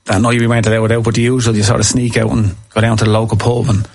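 Husky man telling football stories. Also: on the low side, quick pace. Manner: animated anecdotes, acts out quotes. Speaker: former footballer, podcast guest. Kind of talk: casual storytelling chat.

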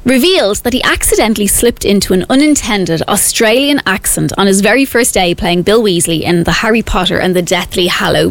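A woman's voice: mid-range voice, no echo. Chatty woman radio host. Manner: chatty, giggly, self-mocking. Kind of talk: morning radio chat. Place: radio studio.

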